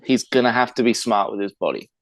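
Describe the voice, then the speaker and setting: A man's voice: on the low side, quick pace, no room sound. A man from England with an English accent, co-hosting a podcast and explaining things at length in casual chat. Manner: chatty, explains at length with fillers and restarts. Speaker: podcast co-host.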